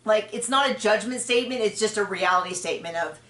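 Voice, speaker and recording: A woman hosting a podcast, chatting frankly and opinionatedly about a reality show, with quick asides and self-corrections. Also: mid-range voice, a bit bright. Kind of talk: casual opinionated chat. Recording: roomy distant mic.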